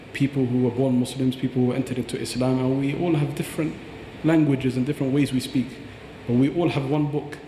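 A man's voice: mid-range voice, dark tone, reverberant, in a large hall, a little hiss or hum. A man teaching about Quran recitation on a podcast, earnest and explanatory, demonstrating pronunciations aloud.

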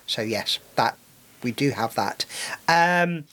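A man's voice: mid-range voice, animated, slow pace, pushed and bright. A man co-hosting a casual radio chat, talking with many ums and restarts. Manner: hesitant, many fillers and restarts. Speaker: radio co-host.

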